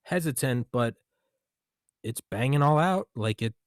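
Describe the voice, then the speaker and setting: A man's voice: mid-range voice, animated, unhurried, dry recording, clean studio sound. A young man hosting a podcast, telling a story casually with lots of swearing, and quoting himself and others. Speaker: podcast host. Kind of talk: casual conversation.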